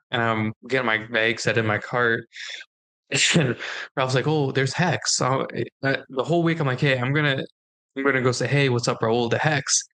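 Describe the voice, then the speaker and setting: A young man with a bright, forceful voice, chatting casually on a podcast. He tells stories with animation and slips into the voices of the people he quotes. His voice sits at an ordinary pitch for a man. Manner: animated storyteller acting out quoted dialogue. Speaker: podcast co-host. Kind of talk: casual chat.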